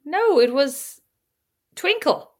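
A woman's voice: high-pitched, very animated, slow pace. A woman co-hosting a podcast with her sister, with a wry, playful sense of humor. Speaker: podcast co-host. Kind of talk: casual chat.

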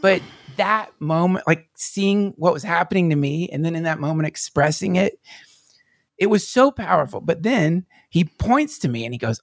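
A man's voice: fairly high pitch, lively intonation, moderate pace, vocal fry, no echo. A man on a podcast telling a personal story, rambling with many restarts and fillers, sometimes close to tears. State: near tears at times. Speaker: podcast guest.

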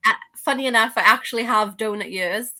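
A woman's voice: fairly high pitch, a little fast, sharp tone. A woman from Wales, a guest on an interview podcast, chatting in an upbeat, enthusiastic way. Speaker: guest collector. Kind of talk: casual interview chat.

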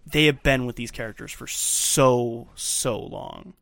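A man co-hosting a podcast, recapping film scenes in detail in casual talk and often dropping to a quieter voice. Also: mid-range voice, slow pace, vocal fry, no room sound, clean studio sound. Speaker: podcast co-host.

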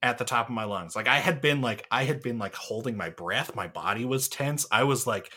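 A young man in casual podcast chat, talking in long enthusiastic runs full of fillers and the odd swear word. His voice is bright and forward. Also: medium pitch, a little fast, hardly any pauses, breathy edge. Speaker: podcast co-host.

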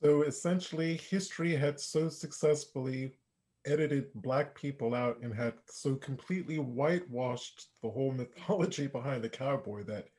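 Male co-host, mid-pitched mellow voice, measured summaries. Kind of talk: casual interview chat.

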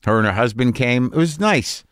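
A man's voice: mid-range voice, animated, normal speed, a bit bright, clear, resonant tone, no room sound, clean studio sound. A middle-aged man hosting a podcast, talking through a rambling, profane casual monologue full of restarts and trailing thoughts. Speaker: podcast host.

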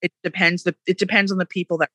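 A woman in casual podcast chat about mindset, emphatic and animated, often acting out quoted voices. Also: lowish voice, fast talker, no room sound.

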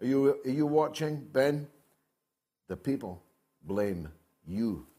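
A man's voice: mid-range voice, expressive, slow, warm tone. An older man hosting a call-in show, combative and mocking, reading viewer comments aloud. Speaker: host. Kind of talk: opinionated call-in show talk.

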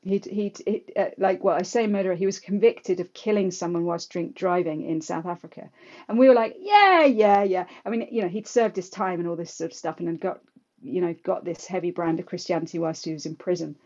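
Woman guest, low-ish voice, lively anecdotal storyteller, slightly dull lo-fi sound. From England, London. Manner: lively, anecdotal, quick asides. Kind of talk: casual storytelling interview.

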